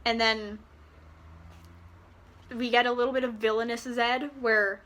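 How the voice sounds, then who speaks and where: Sarcastic, bright-voiced woman ranting. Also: a little high, little pitch movement, measured pace. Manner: sarcastic, exasperated, profane. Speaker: book reviewer. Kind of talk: ranting book review.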